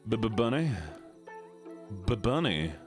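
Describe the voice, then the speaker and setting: Goofy streamer man with a lively voice. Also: very slow, soft background music. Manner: goofy and playful, drops into deep put-on voices; puts on a southern drawl. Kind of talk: casual chat with a live stream audience while gaming.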